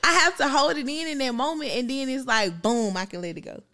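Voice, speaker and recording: A woman in her thirties chatting on a podcast couch. Her voice sits a little high, and she talks in long rambling runs full of filler words. The tone stays easygoing and conversational. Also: animated, fairly quick, background noise. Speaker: podcast co-host. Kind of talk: casual chat.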